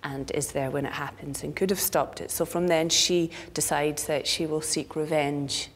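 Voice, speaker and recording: A woman speaks in a low register, reflecting on a theatre role in an interview. She thinks aloud, and at moments her voice sinks to a near whisper. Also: fairly even intonation, normal speed, slight background noise. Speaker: stage actress, interviewee.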